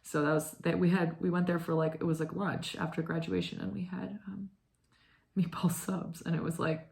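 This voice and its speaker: Low creaky-voiced young woman rambling. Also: flat delivery, normal speed, darkish tone. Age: 20s. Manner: rambling, lots of fillers and "like". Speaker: knitting podcast host. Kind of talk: casual chat.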